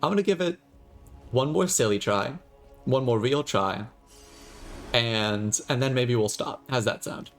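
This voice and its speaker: Male streamer, mid pitch, theatrical joking commentary, soft game music behind. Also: a little slow, long pauses. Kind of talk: gaming livestream commentary.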